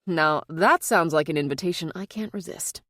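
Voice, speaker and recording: A woman's voice: sits low, moderate pace, fairly bright tone, no echo. A courtly, good-humoured lawman who offers chivalrous compliments, read by a woman narrator. The voice stays close to her own, in a dry, close recording. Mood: gallant. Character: genial male marshal, gallant and cheerful.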